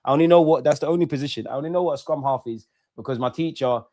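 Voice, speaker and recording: A young man, chatting with viewers and shouting them out during a live football watch-along. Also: fairly high pitch, rapid-fire, no room sound, clean studio sound. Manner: chatty slang-heavy banter, shouting out viewers. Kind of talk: live reaction chat.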